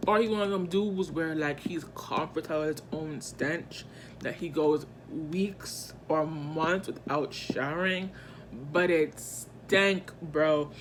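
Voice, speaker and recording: A woman vlogger telling a personal story in casual storytime style, animated and slangy, with emphatic asides to her viewers. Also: deep voice, takes it slowly, slight background noise.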